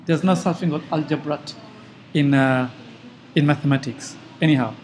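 A man's voice: on the high side, moderate pace, darkish tone. Questioning male maths teacher. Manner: probing, corrective questions. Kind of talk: classroom tutoring.

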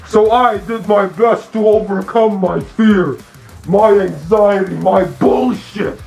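A man hosting an online channel, delivering an angry, profane, declamatory in-character rant in short repeated phrases with halting restarts. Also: sits high, creaky, a little mellow, faint music behind.

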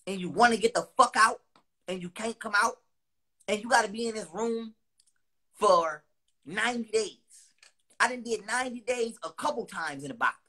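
Guy with a high voice ranting at his viewers, lots of cursing, keeps repeating himself for emphasis. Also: normal speed, pauses often, husky. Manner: loud bursts between lower, quieter stretches. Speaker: online speaker. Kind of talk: heated monologue to viewers.

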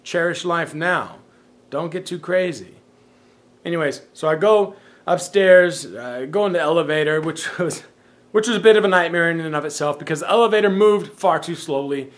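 A man's voice: on the high side, normal speed. Rambling self-amused man telling stories. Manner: rambling, self-amused, laughs at his own jokes. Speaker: vlogger. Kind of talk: casual storytelling vlog.

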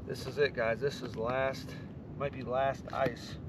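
A man, excitedly talking to viewers while ice fishing on a frozen lake. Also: mid-range voice, a little slow. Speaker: fishing vlogger. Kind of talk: casual outdoor commentary. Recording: outdoor wind noise, distant mic.

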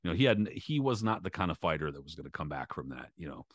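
A man's voice: very deep voice, sing-song, quick pace, dry recording. A man co-hosting a boxing podcast, talking loosely with lots of swearing and filler words. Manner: loose, profane, many fillers. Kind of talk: casual chat.

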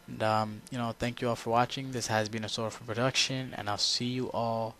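Tired, rambling young-sounding man, flat delivery. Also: mid-range voice, a little fast, a little hiss or hum. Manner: rambling, full of "you know" and "um". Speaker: gaming channel host. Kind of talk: casual talk to viewers.

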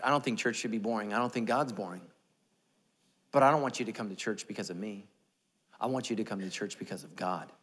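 A man's voice: medium pitch, fairly bright tone. Joking conversational male pastor in an echoey hall. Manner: humorous, self-deprecating, conversational. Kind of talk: sermon.

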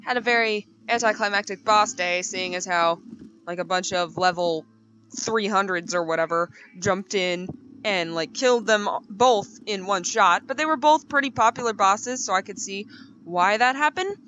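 A young woman giving playful, chatty commentary over her gameplay, often jumping to high, excited bursts. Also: moderate pace, muffled recording. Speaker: gaming YouTuber.

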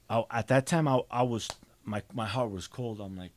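A man's voice: medium pitch, normal speed, a little hiss or hum. Blunt, profane man telling his story. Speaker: podcast guest. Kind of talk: casual storytelling.

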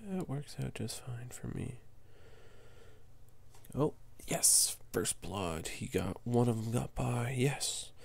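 Gravelly young man muttering game commentary. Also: lively intonation, slow, a little mellow. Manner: muttering to himself, then flaring into high exasperated yelps. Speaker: gamer commentating his own match. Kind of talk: casual gameplay commentary.

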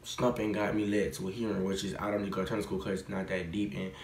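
Teen male vlogger with a gravelly voice, talking in loose, slangy rambles in an echoey room. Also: deep voice, quick pace, slight background noise. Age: teens. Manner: rambling, slangy and expressive, with stutters. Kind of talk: casual chat.

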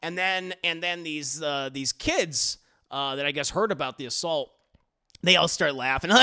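A man casually recapping a TV episode, animated and profane, acting out the scenes as he goes. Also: on the high side, normal speed, clean tone. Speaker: TV reviewer.

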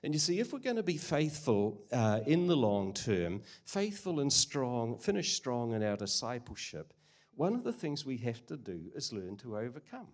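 A man's voice: mid-range voice, big pitch swings, normal speed. An older man preaching a sermon, earnest and conversational with frequent hesitations. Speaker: guest preacher.

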